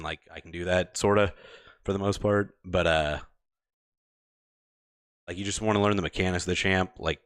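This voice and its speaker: A man's voice: sits low, a bit bright, no room sound, studio quality. A young man rambling about video games in casual podcast chat, swearing often. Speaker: podcast co-host.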